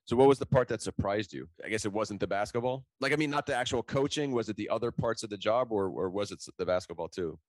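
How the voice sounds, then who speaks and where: A man's voice: fairly low pitch, fast talker, hardly any pauses, dry recording. A man hosting an interview, asking long rambling questions. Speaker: interview host.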